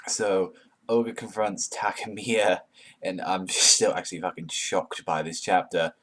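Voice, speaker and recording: A man reviewing a manga chapter in an excited, casual way, swearing often and filling his talk with "like". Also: deep voice, unhurried. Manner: profane, hyped, heavy use of "like".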